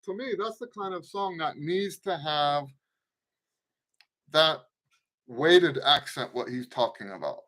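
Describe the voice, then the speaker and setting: A man in middle age teaches trumpet live, explaining accents in a loose, restarting way. He sings short tonguing syllables as he goes. His speaking voice sits a little high for a man. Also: animated, slow, long pauses, pushed and bright. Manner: talks through points loosely, with restarts and sung syllables. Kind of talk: casual spoken lesson with playing demonstrations.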